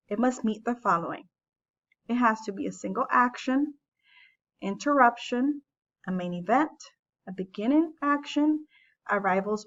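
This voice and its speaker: A woman teaching a language lesson, explaining grammar step by step in a patient, measured way. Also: mid-range voice, a bit bright, lo-fi sound. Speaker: Spanish teacher. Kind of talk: classroom lesson narration.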